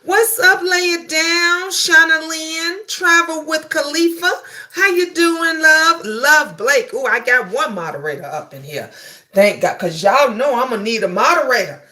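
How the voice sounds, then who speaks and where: Middle-aged woman live-chat host, high and bright, swinging pitch, slangy excited banter, phone mic in a bathroom. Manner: greets chatters excitedly, laughs often, slangy banter. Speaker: livestream host. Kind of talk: casual live chat reading comments. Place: her bathroom.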